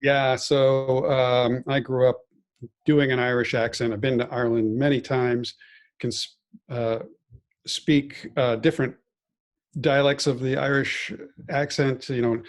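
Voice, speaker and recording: A man co-hosting a podcast who tells easygoing workplace and audition stories at a relaxed, unhurried pace. His pitch sits in the everyday middle range for a man. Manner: relaxed anecdotal storyteller. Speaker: podcast co-host. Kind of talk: casual chat.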